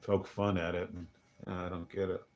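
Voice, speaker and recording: Low gravelly man, grumbling livestream monologue. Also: flat delivery, moderate pace, a little hiss or hum. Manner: wry, grumbling, muttering asides with chuckles. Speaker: livestreaming vlogger. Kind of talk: rambling casual livestream monologue. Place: hotel.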